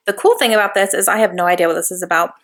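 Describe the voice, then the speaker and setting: A woman vlogging about a new book at home, gushing and bubbling over with excitement. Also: mid-range voice, very fast. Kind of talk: excited casual vlog. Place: home couch.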